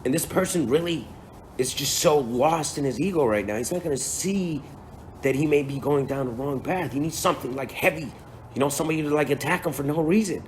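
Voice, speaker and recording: A man's voice: a little high, brisk, slight background noise, lightly acted. A man voicing the universe as a casual, scheming male boss who talks in slang and swears. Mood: plotting.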